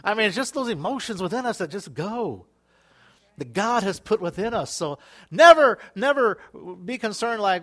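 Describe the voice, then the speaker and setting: A man preaching a sermon to his church, lively and conversational, bursting into exclaimed hallelujahs and acting out little quoted exchanges. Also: high-pitched, a little slow. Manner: animated, with sudden exclaimed hallelujahs and acted-out quotes. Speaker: pastor.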